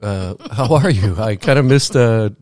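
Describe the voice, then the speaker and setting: A man co-hosting a weekend radio show, chatty and excitable, stumbling over his words at times. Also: fairly low pitch, unhurried, no echo, clean studio sound. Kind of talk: casual radio chat. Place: small home studio. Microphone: studio mic.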